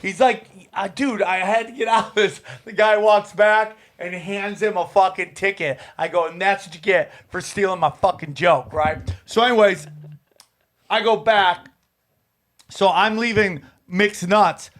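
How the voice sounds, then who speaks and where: A comedian telling stories in casual podcast chat, acting out the people in them with lively voices. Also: male voice, high-pitched, measured pace. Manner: animated, acts out voices in stories.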